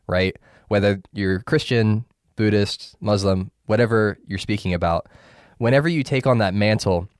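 A man hosting a podcast asks his questions at a steady, considered pace. His voice sits a little low, and the recording is dry and close, with no room around it. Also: no room sound. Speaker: podcast host. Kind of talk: casual interview questions.

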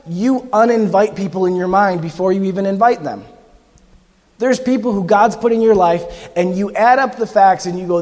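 A man preaching a sermon as pastor, telling stories and acting out the voices of people in them. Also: high voice. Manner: animated storytelling, acting out quoted voices. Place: church sanctuary. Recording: long hall reverb.

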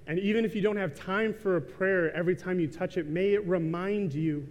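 A man's voice: sits high, a little fast. A man in his thirties preaching a sermon in a church, telling a story casually with lots of ums and likes. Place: church sanctuary. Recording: reverberant church hall.

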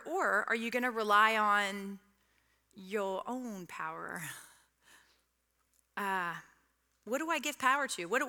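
A woman's voice: on the high side, bright, forceful tone. A middle-aged woman preaching a sermon in a conversational, teasing way, often asking the audience questions. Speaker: women's speaker.

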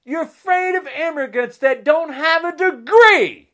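A man delivering a heated, insulting rant straight to camera, swinging between shouting and a low, menacing growl. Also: a little slow. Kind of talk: angry political rant to camera.

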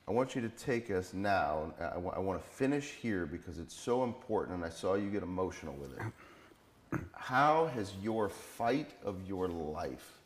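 A male podcast host who builds up emphatically to his interview questions. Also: low voice. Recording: roomy echo.

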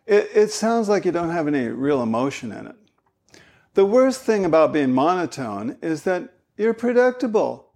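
Lively, gravelly male voice coach. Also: a little high, moderate pace. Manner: animated, demonstrating vocal styles. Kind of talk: spoken lesson.

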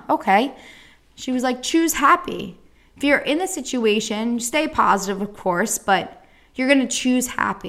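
A young woman hosting a podcast, telling a personal story in a blunt, casual way with a lot of swearing. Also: mid-range voice. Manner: blunt, frequent swearing, animated retelling. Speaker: podcast host.

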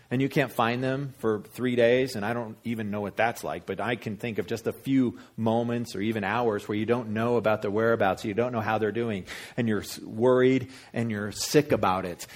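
A man preaching a sermon, animated and storytelling, acting out voices with big jumps in pitch. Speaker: pastor.

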